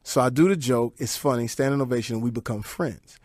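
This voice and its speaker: A man in his forties, a guest telling animated stories on a radio show. He breaks into voices and impressions and laughs often. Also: medium pitch, a little fast, no room sound. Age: 40s. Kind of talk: animated storytelling on call-in radio.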